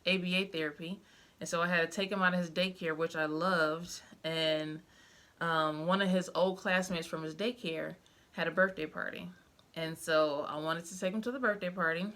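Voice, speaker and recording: A woman's voice: on the low side, steady tone, moderate pace, a bit bright. A young woman talking to the camera about her life as a mother, heartfelt and emotional, with many fillers. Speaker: vlogger, mother. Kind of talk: casual personal storytelling to camera.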